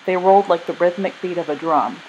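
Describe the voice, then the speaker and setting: A woman narrating a children's storybook in a gentle, steady reading voice. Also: on the low side, a little fast, muffled recording, a little hiss or hum. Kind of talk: storybook read-aloud.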